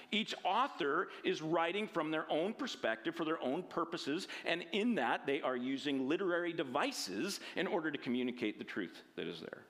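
A man giving a casual, animated Bible lesson, often checking in with tag questions and restarting his sentences. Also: on the high side. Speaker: Bible teacher. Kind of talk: conversational Bible teaching.

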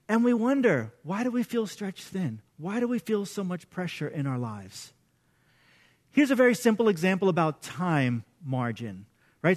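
A middle-aged male pastor preaching to his congregation, animated and interactive, quizzing the audience. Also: high voice. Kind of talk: sermon. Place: church service.

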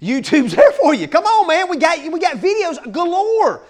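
Man preaching, very high voice, excitable, breaks into shouts, folksy and animated delivery. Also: normal speed. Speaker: pastor. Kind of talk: energetic sermon.

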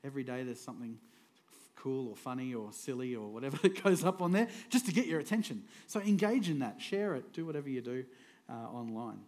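A man's voice: mid-range voice, a little fast, darkish tone. A middle-aged man, preaching a humorous sermon in a jokey, conversational way that often breaks into chuckles. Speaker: pastor.

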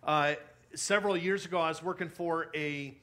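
A young man preaches to his congregation in an easygoing, story-driven way. His voice is bright and sits a bit high, and he often stops to restart a phrase. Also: steady tone, moderate pace. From California. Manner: conversational storytelling with many fillers and restarts. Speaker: pastor. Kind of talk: sermon.

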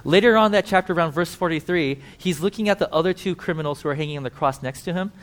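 Man, preacher, sermon, fairly high voice, vivid storytelling, conversational asides. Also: quick pace. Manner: vivid storytelling, swinging between emphatic and hushed.

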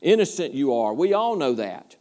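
A man's voice: medium pitch, very animated, normal speed, darkish tone, lightly acted. A man voicing a kindly Roman prison guard who cheerfully reassures a prisoner. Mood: gruff.

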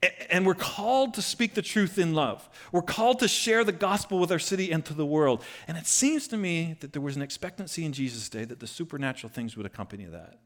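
A man preaching a conversational sermon, retelling a scripture story with lively bursts. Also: a little high, brisk, few pauses. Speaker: pastor.

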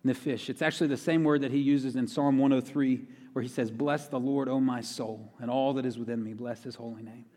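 A man's voice: medium pitch, fairly even intonation, fast, hardly any pauses, dark tone. Guy giving a sermon, chatty, repeats stuff for emphasis, long reverb like a big church hall. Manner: conversational, repeats key phrases for emphasis. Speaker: pastor.

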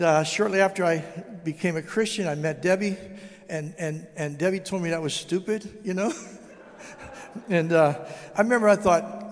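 An older man preaching a testimony sermon as a guest speaker, telling his story with animated, acted-out dialogue. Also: high voice. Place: church sanctuary. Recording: long hall reverb.

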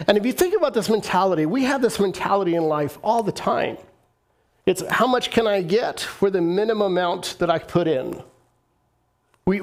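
A man with a high-pitched voice preaches a sermon. He drives his points home by repeating them and slips into the voices of reluctant believers. He calls on the congregation to answer back. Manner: emphatic and repetitive, acts out the voices of reluctant believers; leads the congregation in call-and-response. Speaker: pastor.

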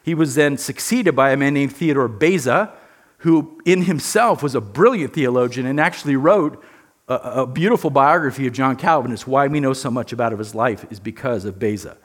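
A man's voice: mid-range voice, animated, moderate pace. A man teaching a church history lesson in an earnest, emphatic way, often repeating words.

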